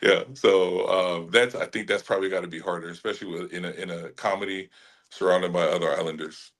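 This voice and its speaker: A middle-aged man from Hawaii, an actor being interviewed, talking in a relaxed way with frequent laughs and restarts. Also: low-pitched, a little fast. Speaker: actor guest. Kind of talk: casual interview chat.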